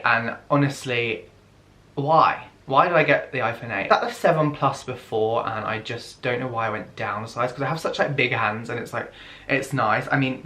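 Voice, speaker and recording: A young man chatting through a casual unboxing vlog, excitable, gasping and often dropping to a whisper. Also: medium pitch. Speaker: vlogger.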